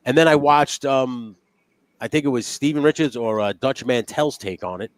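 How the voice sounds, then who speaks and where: A man's voice: mid-range voice, normal speed, no room sound. Fired-up, swearing male podcast host. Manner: heated, profane ranting. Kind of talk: casual wrestling chat.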